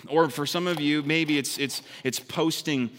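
A man delivering an animated sermon, his voice sitting a little high and carrying a long reverb as if he is in a large sanctuary. He swings between lively delivery and a hushed, intense tone to drive his points home. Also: measured pace. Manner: animated preaching, mimics hypocrites in high voice; drops to quiet, intense tone for emphasis. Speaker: pastor.

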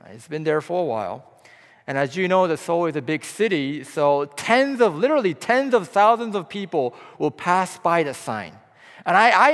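A man preaching a sermon as pastor, impassioned, swinging between hushed, low passages and loud, rising appeals. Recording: long hall reverb.

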